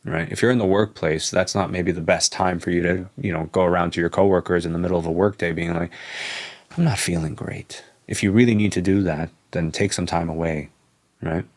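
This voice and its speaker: Young man, guest on a podcast, very low voice, earnest persuasive talk. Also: fairly even intonation, fairly quick. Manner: earnest, persuasive, peppers speech with "like" and "right?". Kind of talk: casual interview talk.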